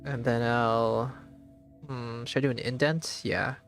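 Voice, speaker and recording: A man streaming a game live, thinking aloud in a slow, halting way and sometimes spelling words out letter by letter. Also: medium pitch, fairly even intonation, faint music behind. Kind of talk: casual live gameplay commentary.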